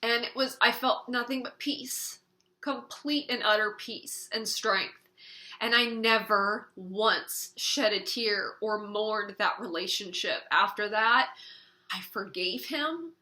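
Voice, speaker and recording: A young California woman vlogs a personal story to the camera, acting out her family members' lines as she retells it. Her mid-range voice is bright and forceful, she takes her time, and she's tearful at moments.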